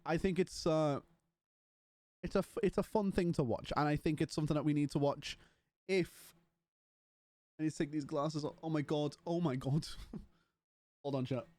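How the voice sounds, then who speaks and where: A young British man talks straight to his stream chat in a loose, scattered way, jumping from one thing to the next. His voice sits a little high but sounds mellow, and the recording is dry and close. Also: normal speed, pauses often, dry recording. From Britain. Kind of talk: casual live-stream chat.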